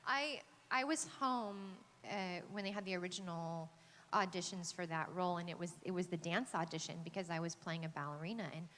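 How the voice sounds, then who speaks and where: A woman's voice: on the low side, a little fast, fairly bright tone. Hesitant woman in an echoey hall. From Texas, USA. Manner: hesitant, lots of fillers and restarts, laughs often. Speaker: actress on a convention panel. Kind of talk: casual anecdote. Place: large convention hall panel. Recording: echoey convention hall, faint noise.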